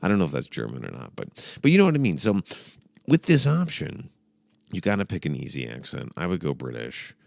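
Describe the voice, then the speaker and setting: Comedy host, man, very deep gravelly voice, lively sarcastic delivery, dry close sound. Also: fairly quick, no room sound. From United States. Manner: sarcastic, profane, animated, puts on mock accents. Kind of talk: rambling comedic advice.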